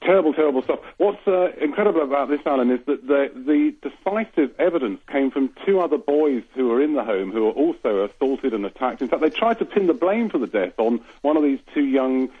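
A man reporting the news to a radio host, measured and pausing with frequent fillers. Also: medium pitch, lively intonation, breathy edge. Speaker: radio correspondent. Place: London. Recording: tinny phone line.

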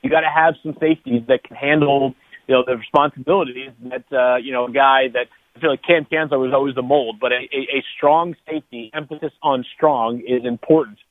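A man's voice: mid-range voice, steady tone, brisk, no echo. A man calling in as a guest analyst on a sports radio show, rambling with many restarts and fillers. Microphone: phone. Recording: tinny phone line.

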